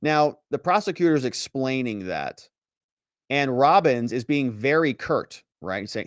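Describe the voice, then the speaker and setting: A man's voice: mid-range voice, animated, measured pace, no room sound, clean studio sound. A man, a lawyer and commentator, recounting trial testimony and acting out the witness and lawyers, with sarcastic asides. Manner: acts out witnesses and lawyers in quotes.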